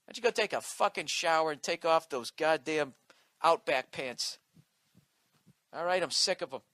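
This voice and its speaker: A man's voice: fairly high pitch, unhurried, sharp tone, no echo. A man doing a profane comic rant with mocking asides. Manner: profane ranting, mocking impressions. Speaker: comedian. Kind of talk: podcast rant.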